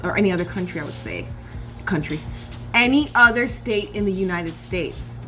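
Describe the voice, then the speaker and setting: A woman's voice: mid-range voice, animated, normal speed, sharp tone, faint music behind. A woman from California chatting casually as she cooks in her home kitchen, often calling her viewers "y'all". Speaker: cooking vlogger. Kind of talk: casual cooking chat.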